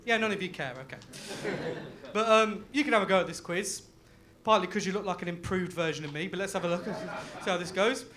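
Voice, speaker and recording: A young man from Leicester doing a live stand-up set, loud and laughing, full of crude banter with the crowd. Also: high-pitched, brisk. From Leicester, England. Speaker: stand-up comedian.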